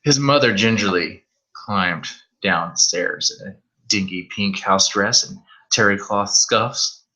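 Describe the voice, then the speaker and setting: A man's voice: lowish voice, slow pace, sharp tone, low-quality recording. A man reading a horror story aloud on a live stream, stumbling over words now and then and swearing in asides.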